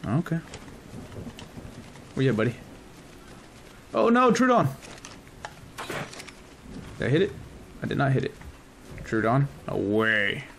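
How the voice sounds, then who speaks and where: A man hosting a casual let's-play, reacting excitedly and chatting to the creatures he tames. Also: mid-range voice, takes it slowly, vocal fry, pauses often, slight background noise. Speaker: gaming channel host.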